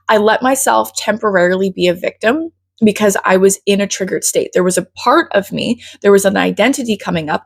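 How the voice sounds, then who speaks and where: A woman's voice: mid-range voice, creaky, no echo, studio quality. A woman coach teaching a casual lesson, chatty and blunt, often checking in with her listeners. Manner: chatty, often says "right?" and "you guys". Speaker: self-development coach.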